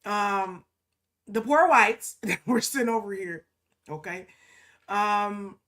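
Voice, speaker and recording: Woman co-host, mid-pitched, emphatic and colloquial, keeps checking in with the listener. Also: takes it slowly, a bit bright. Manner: emphatic, punctuates points with "okay?"; colloquial, quotes others in mocking asides. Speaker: podcast co-host. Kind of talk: casual conversational commentary.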